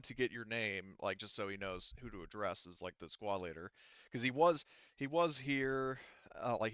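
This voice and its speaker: A man's voice: lowish voice, fairly bright tone, clear, resonant tone, dry recording, lo-fi sound. A man narrating a tabletop game as game master, rambling, with many fillers and restarts.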